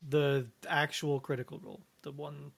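A young man with a fairly high voice co-hosts a relaxed chat. He is easygoing and agreeable, and laughs often. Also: moderate pace, gravelly, breathy edge. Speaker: podcast co-host. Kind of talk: casual chat.

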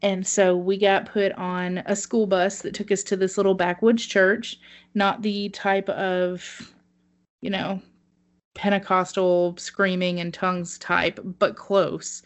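A woman telling a story on a casual podcast, animated and swearing, laughing at herself. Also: medium pitch, slow. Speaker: podcast co-host.

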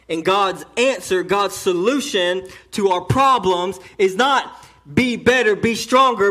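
A pastor preaching a sermon in church, emphatic and swinging between hushed and loud phrases, often restarting a line as he builds his point. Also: high voice, expressive, slow pace.

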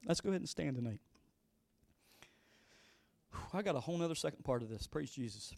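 Middle-aged pastor guy preaching hard, kinda high voice, dry close sound. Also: animated, fairly quick, vocal fry, a little mellow, dry recording. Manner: emphatic, repeating exhortations. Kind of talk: storytelling sermon.

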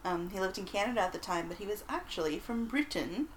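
A woman's voice: mid-range voice, expressive, quick pace, slight background noise, low-quality recording. A woman co-hosting a podcast, telling a story in an easygoing, giggly way. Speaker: podcast co-host. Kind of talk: casual storytelling.

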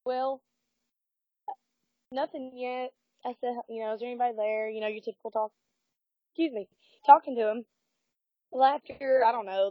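A guest with a drawl tells a ghost story about a spooky night at a cemetery, casual and animated, laughing and doing voices for what others said. Her voice is a touch high, recorded dry and close with a dull, muffled sound and no echo.

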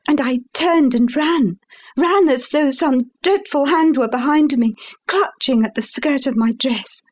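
A woman with a high voice narrates a classic tale in the first person. Her reading is measured and expressive, paced like a storyteller. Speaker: audiobook reader.

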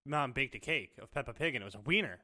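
A young man in casual podcast chat, telling lively stories with plenty of swearing. His voice sits at an ordinary middle pitch. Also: quick pace. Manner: animated storytelling, swears freely.

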